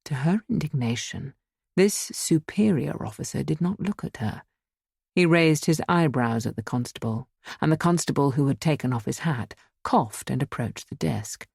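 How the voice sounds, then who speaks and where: A woman's voice: low voice, expressive, normal speed, vocal fry, a little mellow, husky, no echo, studio quality. A woman reading a horror story aloud as an audiobook narrator, giving the figures their own voices.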